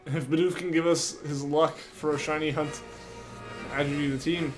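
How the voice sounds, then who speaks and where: A man's voice: on the high side, fairly even intonation, normal speed, faint music behind. A young man streaming a game, reading his chat aloud and answering viewers in a casual way.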